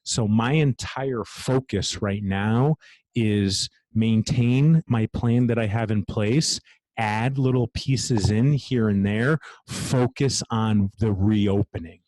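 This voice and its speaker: A man's voice: fairly low pitch, darkish tone, dry recording. A man who runs a gym speaks in a casual interview. He talks bluntly, swears freely and pushes ahead with drive. The sound is close and dry. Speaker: gym owner, guest.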